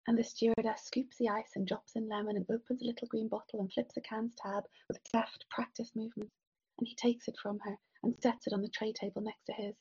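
A woman narrating a literary story in the second person, soft and measured, at times dropping to a whisper. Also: a little high, little pitch movement, slightly rough, muffled recording. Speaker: audiobook narrator.

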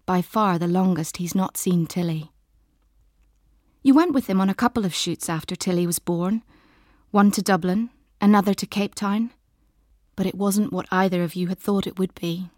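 Slow, intimate woman narrating an audiobook. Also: medium pitch, no room sound, clean studio sound. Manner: slow, measured, intimate and soft.

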